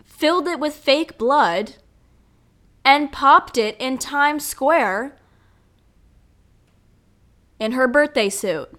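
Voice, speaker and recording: A woman putting on a loud, breathless TV newscaster voice reporting a celebrity stunt. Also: high-pitched, expressive, very slow, long pauses, exaggerated voice. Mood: mock-breathless.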